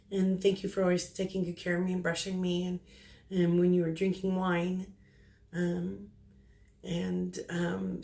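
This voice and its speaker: With a gravelly, fairly low voice, this middle-aged psychic medium passes on spirit messages. She talks softly and falteringly, pausing often and beginning again.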